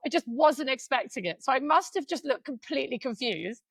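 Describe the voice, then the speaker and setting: A woman's voice: sits high, lively intonation, fairly quick, vocal fry, husky, no echo. A woman in her forties co-hosting a podcast, telling stories in casual chat and swearing freely. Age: 40s. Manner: chatty storyteller, swears freely. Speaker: podcast co-host.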